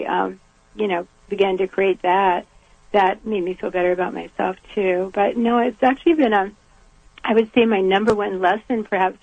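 An older woman from the American South speaks earnestly and reflectively, now and then with a soft laugh. Her voice is gravelly and a little husky. The sound is dry and tinny, as if it comes over a phone line. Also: mid-range voice, dry recording. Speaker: guest. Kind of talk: reflective conversational interview.

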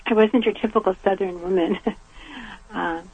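An older woman from the American South speaks earnestly and reflectively, now and then with a soft laugh. Her voice is gravelly and a little husky. The sound is dry and tinny, as if it comes over a phone line. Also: mid-range voice, fairly even intonation, unhurried, dry recording. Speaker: guest. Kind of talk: reflective conversational interview.

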